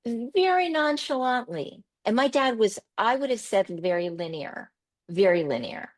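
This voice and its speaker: Animated woman telling stories. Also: a little high, measured pace. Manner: animated, repeats words for emphasis. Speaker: podcast host as interview guest. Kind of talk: conversational storytelling.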